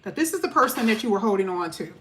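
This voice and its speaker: A woman's voice: mid-range voice, sing-song, fast talker, a bit bright. A woman giving a casual, chatty tarot reading to her viewers, emphatic and full of casual slang. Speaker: tarot reader.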